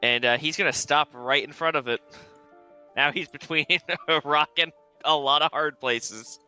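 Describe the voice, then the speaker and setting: A man's voice: a little high, moderate pace, sharp tone, clear, resonant tone, soft background music. A man playing a tabletop game, playfully describing his character's moves step by step. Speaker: player. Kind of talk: casual tabletop play.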